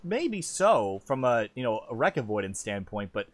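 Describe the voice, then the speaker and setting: A man calling an online truck race as lead commentator, chatty and self-deprecating, jumping up in pitch when the action picks up. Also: big pitch swings, moderate pace, a little hiss or hum. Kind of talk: sim racing play-by-play commentary.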